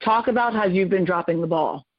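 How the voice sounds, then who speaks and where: A woman doing a calm, confident eleven-year-old girl who speaks flatly and without fuss. The sound is dry, with no room around it, and slightly dull and lo-fi. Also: lowish voice, brisk, no echo, close to an everyday voice. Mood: calm, matter-of-fact. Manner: flat, matter-of-fact. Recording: dull lo-fi recording.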